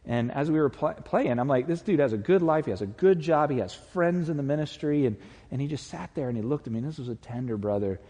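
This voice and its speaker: Pastor, male, mellow and slightly husky, conversational sermon with humor, church hall reverb. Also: on the high side, animated, fast talker. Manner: earnest, conversational preaching with humor. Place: church sanctuary.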